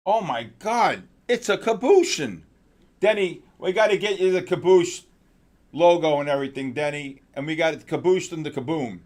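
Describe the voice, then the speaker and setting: A male trading show host giving excitable live market commentary, exclaiming and calling out viewers by name. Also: a little high, normal speed.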